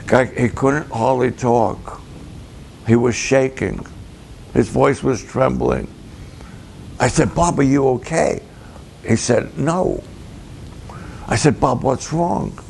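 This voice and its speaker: A man, a pastor, telling a story slowly and dramatically, acting out both sides of the conversations. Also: mid-range voice, gravelly, darkish tone, a little hiss or hum. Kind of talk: storytelling sermon to camera.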